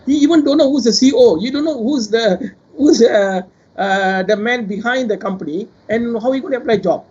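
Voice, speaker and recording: A professor with a Malaysian English accent, speaking at a webinar panel in an animated, rambling way and addressing the other panelists directly. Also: male voice, extremely high pitch, brisk, slightly rough, lo-fi sound. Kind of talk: panel discussion remarks.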